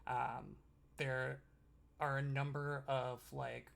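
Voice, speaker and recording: A man's voice: medium pitch, flat delivery, slow pace, vocal fry, a bit bright. A man narrating a tabletop game as game master, rambling through descriptions with many fillers.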